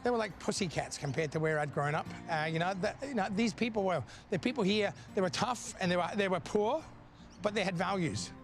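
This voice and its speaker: High-voiced man telling stories. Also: fairly quick, a little hiss or hum. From Australia. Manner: animated, blunt, swears freely. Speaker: interviewee. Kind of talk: casual storytelling.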